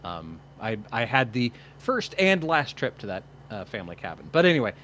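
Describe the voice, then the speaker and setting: A man from Indiana co-hosting a podcast, speaking in a measured, halting, thoughtful way. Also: mid-range voice, sing-song, a bit bright, slight background noise. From Indiana, US Midwest. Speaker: podcast co-host. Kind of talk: casual chat.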